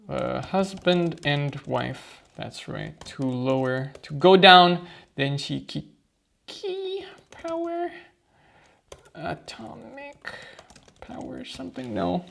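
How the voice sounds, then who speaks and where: A man's voice: medium pitch, vocal fry, a little hiss or hum. A man reviewing vocabulary flashcards on his own, thinking aloud and muttering answers to himself. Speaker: language learner reviewing flashcards. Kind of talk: casual study session vlog.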